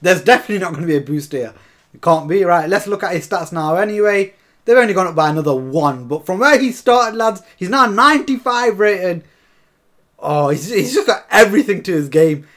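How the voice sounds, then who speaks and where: A man giving excitable, chatty commentary over a football video game, often calling to his viewers as lads. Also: sits high, a little fast. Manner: chatty, keeps calling viewers lads, bursts into shouts and laughs. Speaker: gaming YouTuber.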